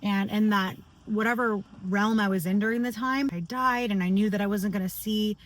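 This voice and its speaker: A woman's voice: medium pitch, steady tone, moderate pace. A woman and singer recording a candid personal video diary, speaking openly and emotionally. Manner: open, confessional, emotional. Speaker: vlogger and singer.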